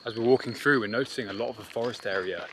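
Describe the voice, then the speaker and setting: Co-hosting a casual travel vlog on a forest hiking trail, a man talks very fast in a mid-range, fairly bright voice. He's chatty and upbeat but stumbles over place names, and the outdoor recording is noisy.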